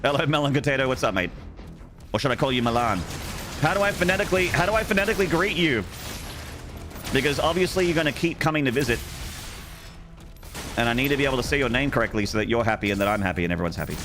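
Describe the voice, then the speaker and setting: Racing along in a mid-range voice with music behind him, a young Australian man streams a game. His live-stream chat is casual and rambling, full of jokes directed at his viewers.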